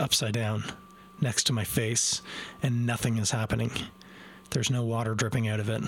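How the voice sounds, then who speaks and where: Sitting at his home desk, a man reviews a beer live, talking straight to his viewers in a casual, self-deprecating way. His mid-range voice has a fairly bright tone, picked up by a desk microphone with a little hiss or hum.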